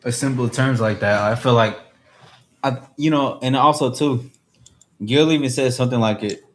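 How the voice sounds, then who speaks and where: A man's voice: mid-range voice, normal speed. A man hosting a casual livestream chat, talking loosely in slang and calling out to his viewers. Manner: laid-back slangy talk, addresses chat. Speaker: livestream host.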